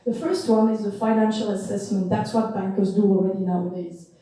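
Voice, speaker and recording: A woman pitching her startup, frank and emphatic, with a voice that is going hoarse. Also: steady tone, brisk, dark tone. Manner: frank, emphatic, apologizes in passing. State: losing her voice. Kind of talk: pitch presentation. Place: event hall. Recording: echoey hall, distant mic, faint noise.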